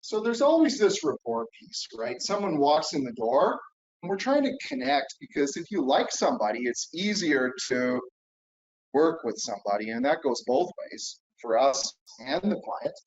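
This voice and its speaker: A man's voice: on the high side, very animated, normal speed, gravelly. A middle-aged man giving a conference keynote in a coaching tone, often checking in with "right?" and "okay?". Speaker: keynote speaker. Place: conference hall. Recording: echoey hall, dull lo-fi sound.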